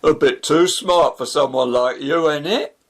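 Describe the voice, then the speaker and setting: A man's voice: fairly high pitch, unhurried. A man doing a sneering, mocking rival.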